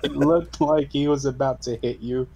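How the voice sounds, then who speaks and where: A young man chatting casually on a game stream, relaxed and teasing, with some swearing. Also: mid-range voice, moderate pace, slight background noise. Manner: laid-back, teasing, swears. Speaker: co-host friend. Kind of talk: casual chat.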